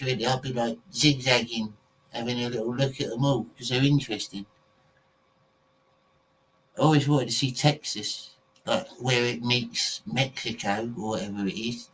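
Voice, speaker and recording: English male podcast host, mid-pitched, casual and rambling, lots of fillers. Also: poor audio. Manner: rambling, goes off on tangents, many fillers. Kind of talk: casual chat to viewers.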